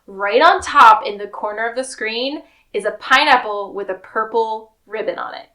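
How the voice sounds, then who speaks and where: A woman co-hosting a podcast casually recaps a TV episode, animatedly acting out the characters' lines with laughs. Her voice is fairly high and her pace normal.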